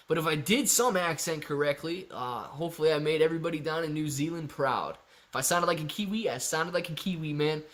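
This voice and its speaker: Laid-back male live-stream host, high voice. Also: a bit bright. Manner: laid-back, calls viewers "man" and "dude", explains patiently. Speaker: live-stream host answering chat questions. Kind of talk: casual live-stream chat.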